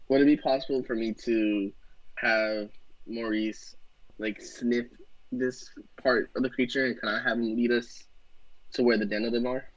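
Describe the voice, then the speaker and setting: A man's voice: mid-range voice, fairly even intonation, normal speed, no room sound, dull audio. A man playing a tabletop game, stammering and full of fillers. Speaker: player.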